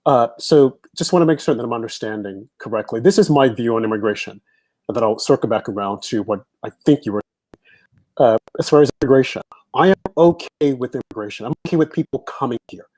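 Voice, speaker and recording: A man's voice: medium pitch, brisk, darkish tone. An American man hosting a casual discussion, giving his views in an opinionated, emphatic way. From United States.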